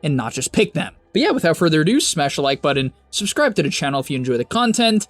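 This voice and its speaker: A young man hosting a game strategy guide, talking fast and emphatically with sudden high-pitched bursts, on a close mic. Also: sing-song, dry recording, faint music behind. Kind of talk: energetic strategy guide narration.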